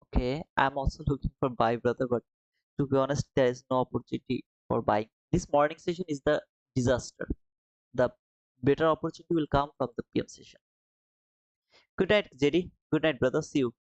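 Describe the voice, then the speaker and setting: A man's voice: mid-range voice, no echo, low-quality recording. A man hosting a live trading stream, reading viewers' comments aloud and answering them in a friendly, casual way, calling them brother and man.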